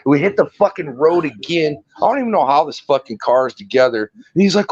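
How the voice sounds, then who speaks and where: A man's voice: a little high, lively intonation, a little fast, hardly any pauses, husky, no echo, muffled recording. A man telling a long rambling story in casual chat, swearing and laughing often.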